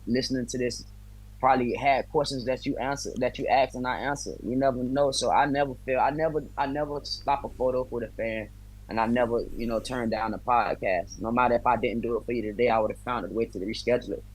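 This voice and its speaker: A man's voice: medium pitch, fairly even intonation, quick pace, slightly rough, low-quality recording. A man, a bare-knuckle fighter from the US, chatting as a guest on a video call, friendly and talkative, with loose slang. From United States. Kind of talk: casual interview chat.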